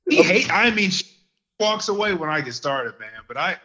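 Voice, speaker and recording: A man telling lively stories in casual podcast chat, getting worked up as he goes. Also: high voice, moderate pace, highs cut off. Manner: animated storyteller who gets worked up.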